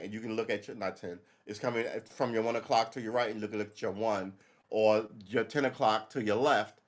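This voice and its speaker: A middle-aged man hosting a live stream, giving casual, rambling commentary as he reads and reacts to a news article, swearing freely. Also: on the low side. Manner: rambling and profane, acts out quick imagined dialogue.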